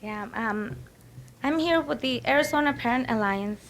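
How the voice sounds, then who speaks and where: A woman's voice: on the high side, normal speed, a little hiss or hum. A woman speaking as a concerned parent at a public comment, hesitant and full of fillers. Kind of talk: public comment at a board meeting.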